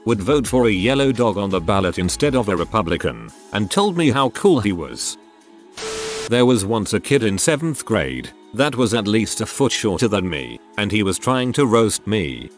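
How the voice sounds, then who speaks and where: A man reading online stories aloud as the regular narrator, in scripted storytelling narration. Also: lowish voice.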